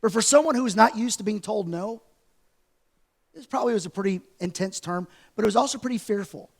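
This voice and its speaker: High-voiced gravelly man preaching. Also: fairly quick. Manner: conversational, animated storytelling preacher. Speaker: pastor. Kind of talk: sermon. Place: church sanctuary.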